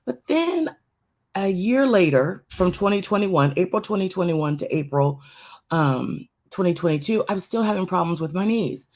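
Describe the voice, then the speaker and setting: A woman's voice: on the low side, darkish tone. A woman sharing a personal story with a congregation in a conversational way, repeating phrases for emphasis and drawing the listeners in. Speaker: church speaker.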